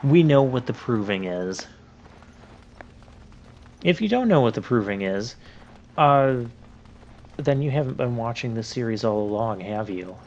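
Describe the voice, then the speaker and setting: A man's voice: medium pitch, animated, unhurried, pauses often, a little mellow. Guy rambling over a game he's playing, joking around, bit dull audio, faint hiss. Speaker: let's play host. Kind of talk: recorded gameplay commentary.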